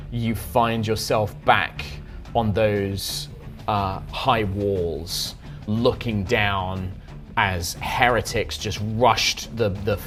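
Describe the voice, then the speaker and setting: A man running a tabletop role-playing game as its game master, narrating the action in a loose, rambling way. He pauses often with ums and uhs as he builds each scene. Faint music plays behind him. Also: lowish voice, fairly bright tone. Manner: rambling, hesitant description with many fillers.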